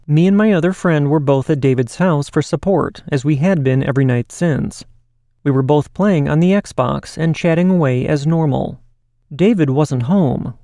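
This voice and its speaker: A man hosting a podcast and reading listener stories aloud in a steady, measured way. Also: on the high side, dry recording, studio quality. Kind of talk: scripted podcast narration.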